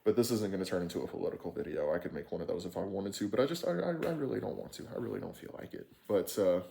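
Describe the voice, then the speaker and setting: A man with a low, gravelly voice tells a casual story straight to the camera. He sounds frustrated and candid, swears freely, and rambles with many fillers and false starts. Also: animated, racing, dark tone. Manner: rambling with frequent fillers and restarts. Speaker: vlogger recounting an experience.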